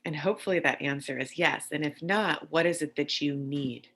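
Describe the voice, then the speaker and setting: Woman host, really low voice but bright and forceful, encouraging, keeps saying right?. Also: normal speed. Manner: encouraging, often adds "right?". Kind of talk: casual interview talk.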